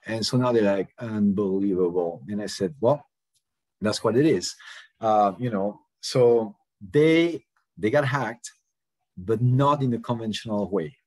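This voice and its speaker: A man with a low, slightly husky voice tells a lesson through a casual anecdote. He talks loosely, full of fillers, and slips into the voices of the people in the story. The sound is close and dry. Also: unhurried, darkish tone, no echo, rough recording. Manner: casual, frequent "you know" fillers, acts out dialogue. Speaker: cybersecurity presenter.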